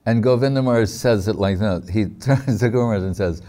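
A man giving a devotional discourse, telling stories in a reflective, halting way with frequent fillers. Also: on the low side, fairly even intonation, mellow. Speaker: spiritual teacher.

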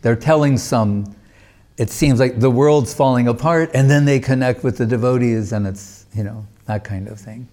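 A man with a dark, mellow voice teaches a spiritual class. He tells the story loosely and wanders off on side notes. He keeps dropping in casual asides as he goes. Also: mid-range voice, moderate pace. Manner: loose, digressive storytelling with many filler phrases. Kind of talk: storytelling religious talk.

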